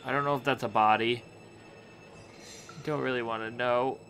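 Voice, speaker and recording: A man's voice: medium pitch, fairly even intonation, normal speed, vocal fry, a bit bright, faint music behind. A young man commentating a horror game, nervous and jumpy, chatting to objects around him and yelping at scares. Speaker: gaming YouTuber.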